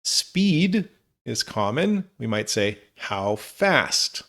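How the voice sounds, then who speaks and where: A man teaching English, reading example questions slowly and clearly for learners. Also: medium pitch, sing-song, a bit bright. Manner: slow, clear model phrases for learners. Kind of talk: scripted lesson narration.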